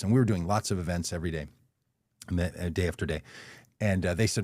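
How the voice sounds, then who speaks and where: A man with a deep, slightly mellow voice tells a personal story as a guest speaker on a video call, speaking a little fast. He's conversational and corrects himself along the way, and the studio-quality audio has no echo.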